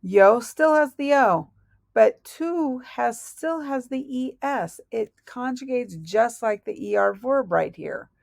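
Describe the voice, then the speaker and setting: A woman's voice: fairly high pitch, expressive, takes it slowly, creaky, darkish tone, dry recording, studio quality. A woman teaching a recorded language lesson, patiently spelling out verb endings letter by letter. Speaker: Spanish teacher.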